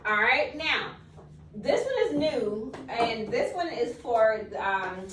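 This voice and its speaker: A woman teacher giving a classroom lesson to young children, quizzing them and encouraging them with quick praise. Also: a little high, big pitch swings. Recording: echoey room, distant mic, faint background noise.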